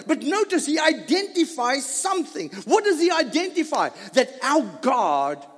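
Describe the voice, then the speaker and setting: A man delivers a dramatic first-person sermon in a high, animated voice, leaning hard on rhetorical questions. He stretches out key words with emphatic weight. The sound rings with the long reverb of a hall. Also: measured pace, hardly any pauses. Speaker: preacher.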